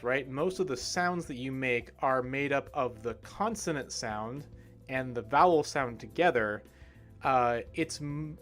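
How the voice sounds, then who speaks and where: During a livestream pronunciation lesson, a medium-pitched man carefully and slowly models English words. He keeps checking in with his audience by asking "right?"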